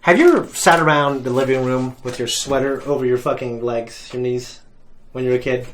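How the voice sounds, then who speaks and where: A man's voice: mid-range voice, fairly quick, slight background noise. A man chats loosely as a show host. His voice sits in an ordinary middle register, and he rambles through anecdotes, often breaking into laughter and filler words. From Ohio. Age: adult parent. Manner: animated, laughing, storytelling with lots of fillers. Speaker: reaction channel host. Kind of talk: casual chat.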